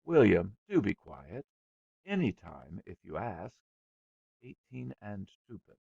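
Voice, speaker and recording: A man voicing a harassed mother who gives brisk, dismissive replies in an audiobook. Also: lowish voice, big pitch swings, gravelly, warm tone, slightly rough, no room sound, lo-fi sound, heavily acted. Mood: weary. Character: harassed mother, calm but impatient.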